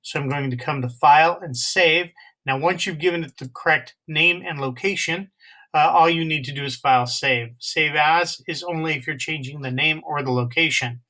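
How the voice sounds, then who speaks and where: A man teaching a web coding lesson step by step, in a halting way with many pauses and fillers. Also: fairly high pitch, bright, forceful tone, low-quality recording. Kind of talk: screen-recorded coding lesson.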